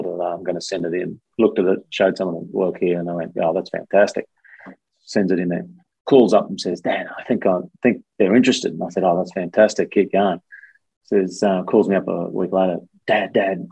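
A man's voice: low-pitched, gravelly, a little mellow, husky, no echo, low-quality recording. A middle-aged Australian man telling long rambling anecdotes as an interview guest. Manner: rambling anecdotes with many fillers. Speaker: guest, former contestant. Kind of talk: casual storytelling interview.

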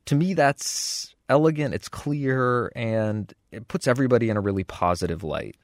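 Measured man podcast co-host, dry sound. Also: mid-range voice, no echo. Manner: earnest and measured, reads listener letters aloud. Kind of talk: casual etiquette advice chat.

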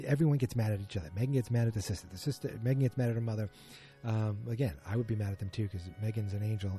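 A man's voice: fairly low pitch, dark tone, breathy edge. A man giving a chatty, opinionated recap of a TV episode, full of fillers and asides.

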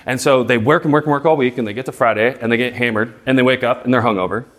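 A man in his thirties lectures a room with mid-range pitch and fervent emphasis. He fires rhetorical questions, tags his points with "right?" and trips over doubled words as his excitement builds. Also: very fast. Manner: gets excited and stumbles over repeated words. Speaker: speaker giving a talk. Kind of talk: live presentation to an audience.

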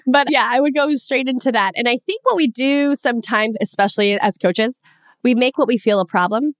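A woman's voice: a little high, a little fast, no echo, studio quality. A woman in her forties, a coach, speaking earnestly and animatedly as a podcast guest, laughing often. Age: 40s. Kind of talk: podcast interview conversation.

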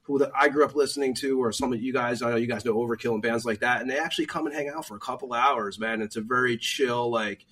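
A man's voice: mid-range voice, steady tone, fast, few pauses, a bit bright, breathy edge, distant mic. A man co-hosting a casual sports podcast, rambling with many fillers and restarts. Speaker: podcast co-host.

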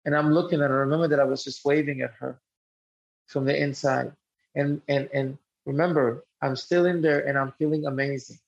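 A man's voice: medium pitch, fairly even intonation, brisk, creaky. A man telling a personal story in an earnest, reflective way, often restarting his sentences. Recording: muffled lo-fi recording.

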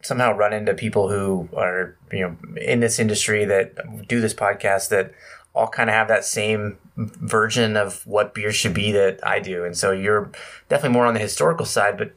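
A man's voice: lowish voice, fairly even intonation, normal speed, a bit bright. An American man hosting a podcast, asking questions in an easygoing, casual way. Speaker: podcast host. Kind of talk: casual interview.

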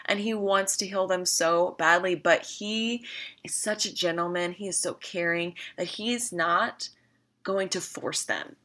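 A woman's voice: on the low side, a little slow, sharp tone. A woman talking casually to viewers about faith, earnest and emphatic, repeating phrases for stress. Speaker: Christian vlogger.

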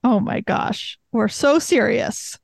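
A woman's voice: fairly high pitch, takes it slowly, creaky, no room sound, studio quality. A woman co-hosting a podcast, playful and self-deprecating in casual chat. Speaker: podcast co-host.

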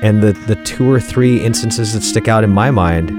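A man's voice: fairly low pitch, normal speed, music in the background. A male comedian hosting and narrating a show, joking in a wry, self-deprecating way. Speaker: host and comedian. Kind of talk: podcast narration and conversation.

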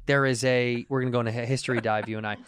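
A man's voice: mid-range voice, flat delivery, very fast, a bit bright, a little hiss or hum. A man co-hosting a casual podcast, joking, swearing and laughing as he reads articles aloud. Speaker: podcast co-host.

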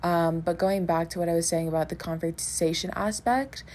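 A woman co-hosting a casual podcast, explaining her points in a thoughtful, measured way. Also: lowish voice, fairly even intonation, a little mellow. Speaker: podcast co-host. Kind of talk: casual reflective chat.

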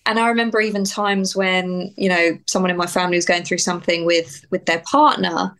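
Reflective woman, slightly low voice. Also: level tone, fairly quick, fairly bright tone. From United Kingdom. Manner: reflective and heartfelt, often restarting phrases. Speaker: guest, actor and writer. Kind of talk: candid interview conversation.

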